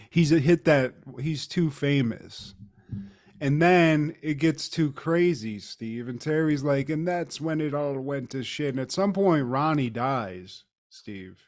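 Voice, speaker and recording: A man co-hosting a podcast, retelling a comedy sketch in casual chat with animated, profane storytelling. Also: medium pitch, unhurried. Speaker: podcast co-host.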